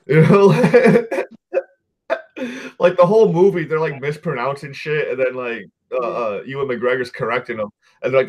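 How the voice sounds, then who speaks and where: A podcast host recaps a movie in an animated, slightly mellow mid-range voice at normal speed. His delivery is loose and rambling, heavy on profanity and sprinkled with "dude" and "like," and he often doubles back to correct himself.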